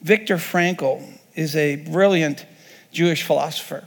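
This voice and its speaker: A male pastor delivers a sermon in an earnest, unpolished way, often restarting and repeating words mid-thought. His voice sits a little high for a man. A long reverb trails each phrase, as in a large church sanctuary. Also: a little slow.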